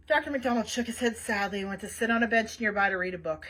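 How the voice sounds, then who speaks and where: A woman reading a children's novel aloud for a library program, expressive and chatty, with small asides to her listeners. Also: mid-range voice, fast talker, hardly any pauses, poor audio. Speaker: library read-aloud host.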